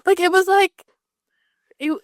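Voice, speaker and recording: A woman co-hosting a podcast in casual chat, telling family stories with lively acted-out quotes. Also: extremely high pitch, slow pace, no room sound, clean studio sound. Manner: animated storytelling, acts out quotes. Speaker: podcast co-host.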